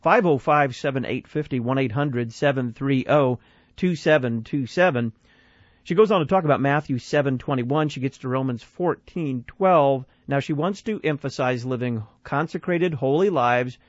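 A man's voice: medium pitch, moderate pace, no room sound, dull audio. A male radio host giving analytical commentary, posing questions and answering them himself.

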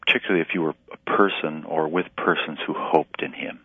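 A man, a pastor and relief director, speaking in an earnest, halting way in a radio interview by phone. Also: rumbling low, steady tone, vocal fry, slightly rough, no room sound. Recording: tinny phone line, dry.

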